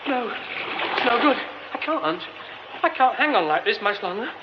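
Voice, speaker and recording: A man's voice: very high-pitched, sing-song, measured pace, lo-fi sound, heavy background noise, heavily acted. A flustered theatre man. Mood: panicked. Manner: muttering to himself, then panicked. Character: flustered young male theatre director. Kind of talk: radio drama acting.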